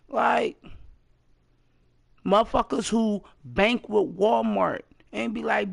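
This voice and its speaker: A woman in her late thirties in a casual to-camera vlog rant, blunt and profane, with sudden loud outbursts. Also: fairly high pitch, steady tone, measured pace, creaky, dry recording, clean studio sound. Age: 30s. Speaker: vlogger.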